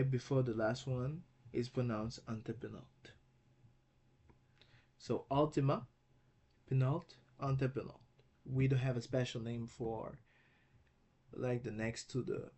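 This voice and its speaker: In a recorded lesson, a Greek teacher with a mid-range, slightly mellow voice spells words out slowly and patiently, often checking in with "okay?".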